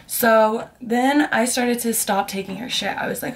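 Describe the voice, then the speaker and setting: A woman's voice: fairly high pitch, normal speed, creaky, a little hiss or hum. A young adult woman vlogger telling a personal story in casual storytime style, candid and rambling, with many "like"s. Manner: candid, rambling, heavy use of "like".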